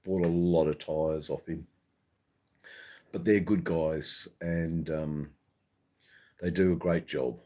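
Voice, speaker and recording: A middle-aged Australian man with a broad Australian accent hosts his own live stream, reading out viewer comments as they come in. His voice sits extremely low, and he talks at an unhurried, slow pace. His chat rambles loosely, filled with ums and false starts. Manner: rambling, relaxed, many ums and restarts. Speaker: livestream host.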